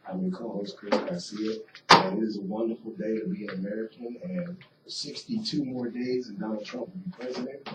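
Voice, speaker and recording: A man's voice: on the low side, steady tone, a little fast, background noise. A man co-hosting a radio talk show in an upbeat, promotional way, with a voice that cuts in and out. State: voice cutting in and out. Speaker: radio co-host. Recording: roomy lo-fi radio studio mic from a distance.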